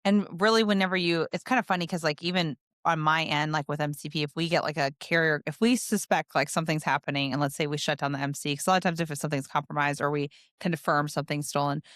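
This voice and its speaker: A woman hosts a podcast in a chatty, quick manner, with many fillers and short agreeing replies. Her voice sits low, and the sound is dry and close. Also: steady tone, a bit bright, no echo. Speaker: podcast host. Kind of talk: casual podcast chat.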